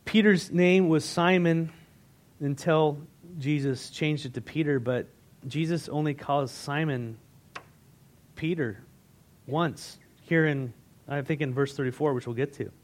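Man preaching a casual, lively sermon. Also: on the high side. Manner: conversational, asks the congregation questions; animated, retells scripture in everyday words. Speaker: pastor.

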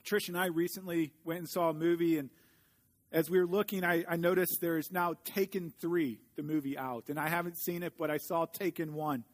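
A man preaching a sermon in an earnest way, slowing down when he reads scripture aloud. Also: a little high, steady tone. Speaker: pastor.

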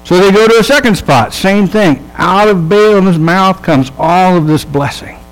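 A man with a notably high voice delivers a sermon in an easygoing, humorous storytelling way. He keeps checking in with his listeners and briefly acts out the people in the story as he goes. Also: normal speed, rough recording. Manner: conversational, checks in with the audience. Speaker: pastor.

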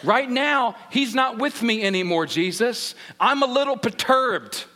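Guy doing a grieving sister voice, upset and pleading, higher and bright. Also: lively intonation, normal speed. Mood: frustrated pleading. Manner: pleading, exasperated. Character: grieving, frustrated woman, sister of the dead man.

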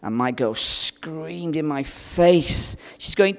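A man preaching a sermon, telling a personal story with strong swings between loud and hushed delivery. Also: fairly high pitch, lively intonation, takes it slowly, vocal fry, big-room sound. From outside America.

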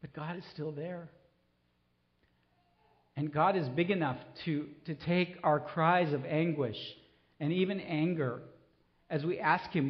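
A middle-aged man preaching a sermon, pleading and impassioned, then soft and reflective. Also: fairly high pitch, steady tone, measured pace, pauses often, highs cut off. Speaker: pastor.

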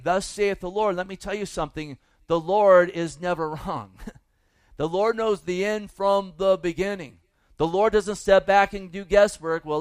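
High-voiced man preaching a folksy sermon. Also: smooth, dry recording. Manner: folksy, emphatic preaching with asides. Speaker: pastor.

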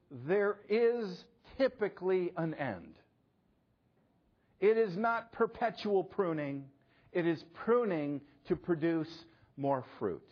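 A man preaching a sermon, asking rhetorical questions and swinging between loud emphasis and hushed, quiet lines. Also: on the high side, slightly rough, dull audio. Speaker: pastor.

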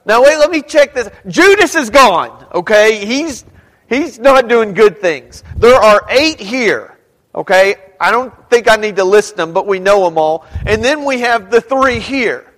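A male pastor preaching a sermon, talking conversationally, firing rhetorical questions at the congregation and rising at times to a shout. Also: high-pitched, animated, unhurried. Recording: reverberant hall.

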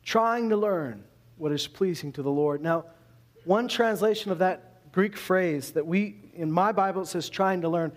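A man from Canada preaching a sermon in a conversational, animated way, full of rhetorical questions. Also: high voice, unhurried. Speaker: pastor.

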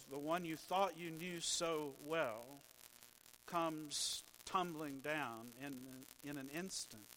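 A man preaching a sermon as pastor, telling stories in a slow, measured way with dry humor. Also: fairly high pitch, fairly bright tone, a little hiss or hum, poor audio.

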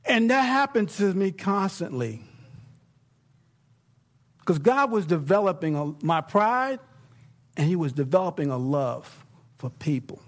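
This middle-aged pastor's sermon comes in a high voice at a measured pace, broken by long pauses. He talks casually, shifting from hushed remarks to excited outbursts.

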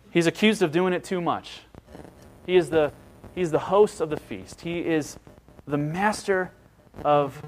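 Higher-voiced man preaching emphatically. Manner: emphatic, repeats phrases for stress; conversational preaching with rhetorical questions. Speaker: pastor. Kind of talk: sermon.

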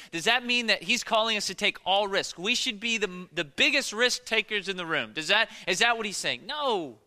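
A man preaching a sermon as pastor, joking with the congregation and acting out fear in animated bursts. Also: high voice, big-room sound. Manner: animated, joking, rising to near-shouts when acting out fear. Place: church.

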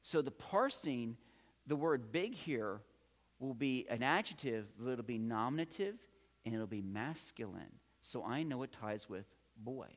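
A man's voice: mid-range voice, expressive, a little slow. A man giving a patient, encouraging classroom lecture as a Greek teacher, often repeating key words. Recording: long hall reverb.

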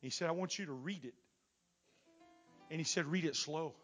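A middle-aged man preaching a Pentecostal sermon in a church, his volume surging and sinking as he builds to near-shouts. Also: fairly high pitch, moderate pace, soft background music. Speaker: pastor. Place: church sanctuary.

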